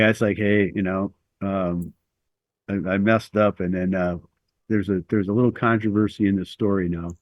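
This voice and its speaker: A man's voice: low voice, no room sound. A middle-aged man telling a long personal story as an interview guest, rambling and self-deprecating with lots of fillers.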